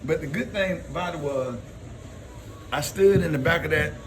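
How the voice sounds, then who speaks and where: Against a noisy background, a radio host speaks at normal speed in a slightly high voice. He tells casual personal stories on air, laughing frequently and using quoted voices.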